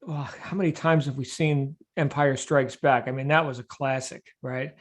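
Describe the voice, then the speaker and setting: A man's voice: mid-range voice, fairly even intonation, moderate pace. A middle-aged man hosting a daily group video call, chatty and encouraging. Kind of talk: casual upbeat hosting.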